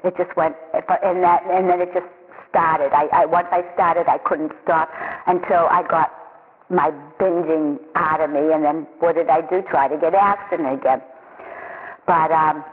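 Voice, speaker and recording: Woman sharing a halting recovery testimony. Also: sits low, steady tone. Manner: halting, repeats words, confessional. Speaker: recovery program member sharing her story. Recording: tinny phone-line sound with long echo.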